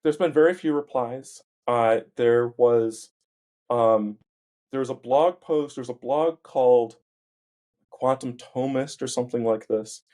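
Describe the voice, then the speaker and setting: A man, a philosopher guest, explaining ideas carefully in a casual academic discussion with many pauses. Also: mid-range voice, a little mellow. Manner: explanatory, many ums and uhs.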